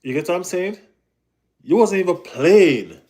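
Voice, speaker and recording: A man hosting a casual live football chat, talking in an animated way with lots of slang and repeated phrases. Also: sits high, a little slow. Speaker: football channel host.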